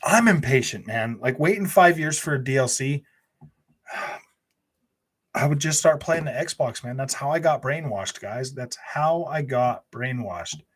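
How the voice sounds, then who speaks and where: A man's voice: medium pitch, expressive, a little slow, breathy edge. Sarcastic man streaming about games. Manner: sarcastic, mocking, says "man" and "bro" a lot. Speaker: gaming channel host. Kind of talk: casual live-stream chat.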